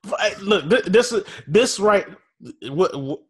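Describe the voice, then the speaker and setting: A man's voice: sits high, measured pace, slightly rough. A man co-hosting a podcast, ranting with mock fury in casual chat. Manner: animated, mock-furious ranting. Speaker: podcast co-host.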